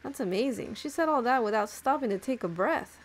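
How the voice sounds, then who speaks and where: A wry adventurer from a video game, tossing off amused remarks, as a woman reads the part. The voice is high and close to her own. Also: animated, fairly quick, low-quality recording.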